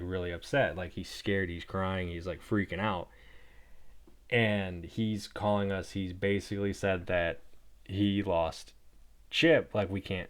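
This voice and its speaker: A young man hosts his own podcast and tells a story in a relaxed, meandering way. His voice sits a little low, and he fills every pause with "like" and "you know". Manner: rambling, heavy use of "like". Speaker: podcast host. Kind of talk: casual storytelling.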